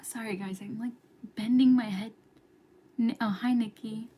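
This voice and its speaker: A woman's voice: on the high side, steady tone, normal speed, mellow, husky. A young woman from New York hosting a casual late-night livestream, chatty and giggly, sometimes dropping to a whisper. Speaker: livestream host. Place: home at night.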